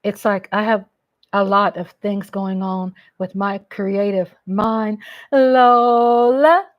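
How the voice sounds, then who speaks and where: A woman's voice: medium pitch, little pitch movement, takes it slowly, no room sound, lo-fi sound. A middle-aged woman from Texas with a Texan accent, chatting casually with viewers on a live stream at home and greeting them by name.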